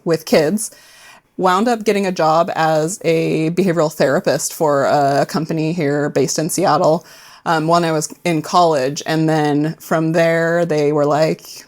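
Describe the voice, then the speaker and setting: A woman guest on a podcast, relaxed and conversational, telling her career story with small fillers. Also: low-pitched. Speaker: podcast guest, behavior analyst. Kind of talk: conversational interview.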